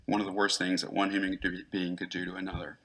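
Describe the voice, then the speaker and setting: A man giving a conference talk, reading prepared case notes in an earnest, measured way. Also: low voice, monotone, sharp tone, breathy edge. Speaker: conference presenter, therapist.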